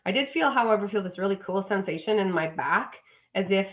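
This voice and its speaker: A woman's voice: mid-range voice, lively intonation, a little fast. A woman, a dog psychic guest, talking earnestly and effusively with many restarts. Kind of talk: emotional interview talk. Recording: tinny phone line.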